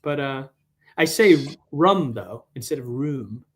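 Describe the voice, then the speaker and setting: A young man from Boston, a podcast guest talking casually, earnest and halting with many "uh"s. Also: mid-range voice.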